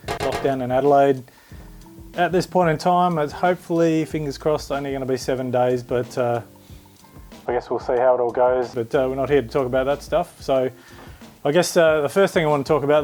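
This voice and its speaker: An Australian man talks his viewers through a car project in an easygoing, meandering way, full of little fillers. He is filmed on an action camera in a workshop, with faint music in the background. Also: mid-range voice. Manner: relaxed, rambling, filler-heavy. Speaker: car-build vlogger. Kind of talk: casual vlog update.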